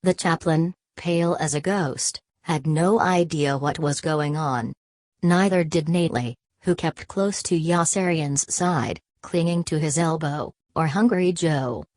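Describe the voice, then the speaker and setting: A woman narrating a novel as an audiobook in an even storytelling read. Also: low-pitched, no room sound. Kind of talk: scripted narration.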